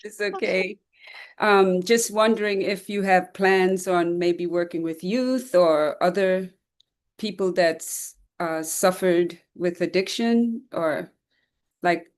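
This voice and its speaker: A woman gently and tentatively asking a guest a question on a video call. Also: lowish voice, takes it slowly. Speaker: audience member asking a question.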